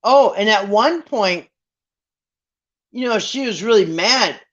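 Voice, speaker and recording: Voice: mid-range voice, animated, takes it slowly, a bit bright, highs cut off. A live streamer in casual chat, rambling through a story and acting out what others said. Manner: rambling storyteller who acts out quotes. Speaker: live streamer greeting viewers.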